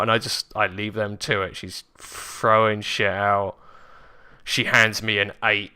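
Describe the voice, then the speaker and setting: A man, candidly telling a personal story in a vlog, halting with fillers and swearing often. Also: on the low side, level tone, pushed and bright, smooth. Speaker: vlogger.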